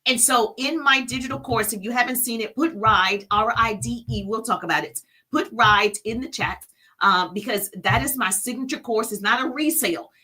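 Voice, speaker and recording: Middle-aged female business coach, phone live-stream, bright lively delivery. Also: on the high side, moderate pace, breathy edge. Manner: energetic, hypes viewers by name.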